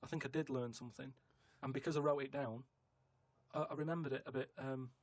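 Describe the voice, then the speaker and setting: A rambling man in a radio studio who explains himself haltingly and keeps restarting his sentences. He talks quickly at a middle pitch. The recording is close and dry, with no room sound. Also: steady tone, dry recording. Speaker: regular guest. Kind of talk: casual studio chat.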